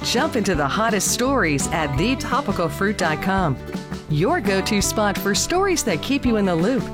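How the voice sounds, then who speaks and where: A woman's voice: medium pitch, sing-song, moderate pace, loud music behind the voice. A woman reading a promotional podcast ad. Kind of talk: podcast ad read.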